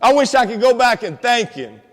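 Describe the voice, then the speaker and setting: High-voiced man preaching in a hall. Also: expressive, moderate pace. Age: 50s. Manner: preachy, streetwise, calls out to the crowd. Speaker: motivational speaker. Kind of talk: inspirational school assembly talk. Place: school auditorium. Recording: long hall reverb in a large auditorium.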